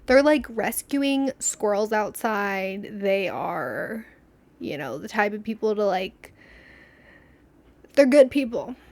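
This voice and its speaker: A woman's voice: medium pitch, animated, slow, a little mellow. A young woman hosting a podcast, telling stories in a rambling, casual way, laughing often and acting out what people said. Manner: chatty, rambling, laughs often, acts out quotes. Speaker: podcast host. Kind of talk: casual storytelling chat.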